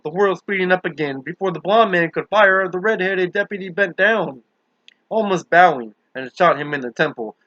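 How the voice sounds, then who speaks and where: Bright-voiced male audiobook narrator. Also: fairly high pitch, no echo. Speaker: audiobook reader. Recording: dull lo-fi dry recording.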